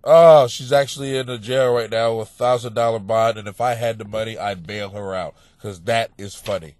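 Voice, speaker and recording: A male comedian hosting a podcast, delivering a crude, profane monologue that swings between muttering and loud yelling. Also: on the low side, fairly even intonation, moderate pace, no room sound.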